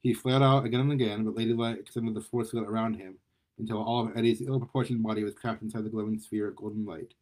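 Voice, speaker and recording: A man reading a superhero story aloud in a lively way, often stumbling and repeating words. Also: lowish voice, fast. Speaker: story reader.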